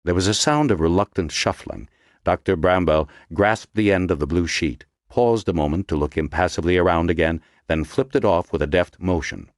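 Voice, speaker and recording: Clean studio audio without echo carries a man's low voice as he reads an audiobook. His delivery is measured and expressively storylike.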